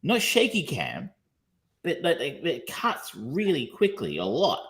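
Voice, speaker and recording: A man's voice: a little high, huge pitch swings, unhurried, a bit bright. A man co-hosting a podcast, talking casually and rambling, with frequent ums, restarts and casual swearing. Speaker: podcast co-host reviewing films. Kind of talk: casual chat.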